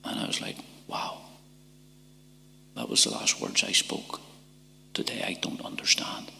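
Gravelly Northern Irish man in a church. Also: a bass voice, wildly swooping pitch, sharp tone. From Northern Ireland. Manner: halting and emotional, with repeated words and whispered passages. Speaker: testimony speaker. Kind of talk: church testimony. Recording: church hall reverb.

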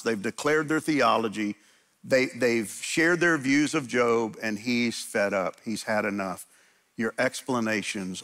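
A man's voice: medium pitch, bright, forceful tone. A middle-aged male pastor giving a conversational sermon, often stammering and restarting, acting out scripture quotes with emphatic energy.

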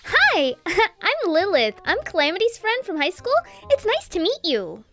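A squeaky, sweet young woman chirps a greeting, her voice leaping all over, put on by a woman storyteller. She sounds a little set back from the mic. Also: wildly swooping pitch, a little slow, a bit bright, soft background music, heavily acted. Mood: bubbly. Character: bubbly young woman, friendly newcomer.

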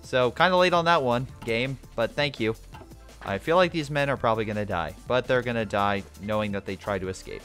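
A man's voice: mid-range voice, a little fast, faint music behind. A young man giving casual, sarcastic let's-play commentary on a strategy game, talking to the game as he plays. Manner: excitable, sarcastic, talks to the game. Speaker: gameplay commentator.

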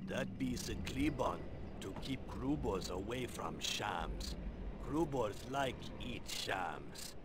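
A man's voice: on the low side, animated, takes it slowly. An actor playing a humble male farmer in a video game, speaking in simple, broken phrases. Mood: warning. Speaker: game character. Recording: game audio with loud noise.

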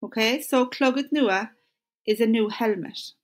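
Irish woman teaching a lesson. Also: fairly high pitch. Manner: encouraging, repeats phrases slowly for pupils to say along. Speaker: primary school teacher. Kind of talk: recorded classroom lesson.

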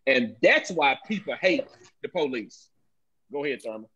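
A man's voice: mid-range voice, expressive, normal speed, sharp tone, breathy edge. A man who is a police officer, speaking as a guest on a panel discussion. He tells stories emphatically and often repeats his phrases. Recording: dull lo-fi audio.

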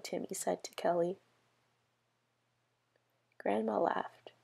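A woman's voice: fairly low pitch, steady tone, slow, gravelly, long pauses, dark tone, breathy edge. A woman early years educator reading a picture book aloud for children.

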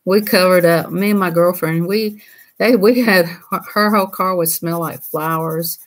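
A woman chats casually with her livestream viewers in a folksy, rambling way. Her voice sits slightly low, and she laughs easily. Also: fairly even intonation, normal speed. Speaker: livestream host.

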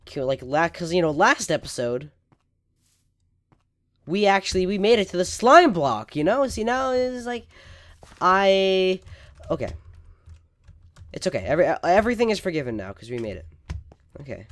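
A very animated gaming host with a high-pitched voice talks at a moderate pace, pausing often, over casual gameplay, with melodramatic overreactions and stammering. He occasionally leans away from the desk mic, and the sound has no echo.

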